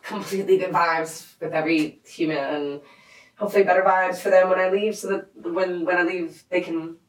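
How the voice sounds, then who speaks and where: A woman's voice: fairly low pitch, fairly quick. Chatty young woman DJ in echoey room. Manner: animated, swearing, lots of likes. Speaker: DJ guest. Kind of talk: casual podcast chat.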